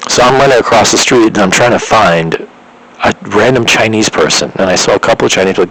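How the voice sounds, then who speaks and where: A man's voice: lowish voice, fast talker, gravelly, a bit bright, slightly rough, rough recording. A young man vlogging, telling a rambling personal story with many restarts and filler words.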